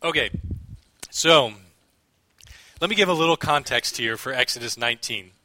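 A man preaching a relaxed, joking sermon to his congregation, reading scripture aloud. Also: mid-range voice, normal speed. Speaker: pastor.

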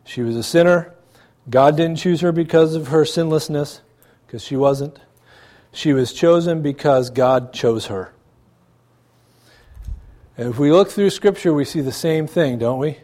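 A man's voice: a little high, a little slow, long pauses, warm tone. A man, a pastor, preaching a sermon in a church, conversational, with rhetorical questions and asides to the congregation.

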